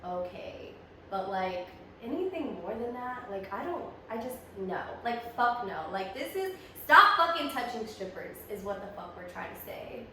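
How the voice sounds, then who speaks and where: Frank, halting young woman, echoey room. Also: on the high side, sing-song, bright, forceful tone, slight background noise. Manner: frank, profane, halting with fillers. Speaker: podcast co-host. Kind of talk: casual chat. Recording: echoey room, mic far off.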